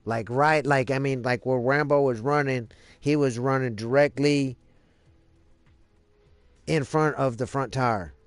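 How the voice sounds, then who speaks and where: Male streamer, casual profane storyteller, rambling with fillers, mid-pitched voice, dry close sound. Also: unhurried, dry recording, faint music behind. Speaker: live streamer.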